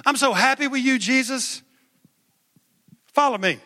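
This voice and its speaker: A man voicing God as a proud, loving father who speaks to his son with excitement. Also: very high voice, unhurried, voice pushed up, exaggerated voice. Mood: proud, urging. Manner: excited, warm, pleading. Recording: long hall reverb.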